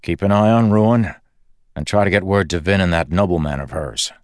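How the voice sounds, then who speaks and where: A man voicing a confident, wry male hero who speaks in a brisk, dry, matter-of-fact way. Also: sits low, no echo, lightly acted. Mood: determined.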